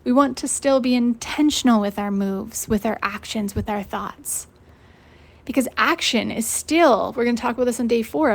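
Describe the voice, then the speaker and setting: A young woman gives a motivational coaching lesson in a relaxed, high-energy way. She talks casually, swears freely and breaks into laughter, with a fairly high voice. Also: vocal fry. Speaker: host and life coach.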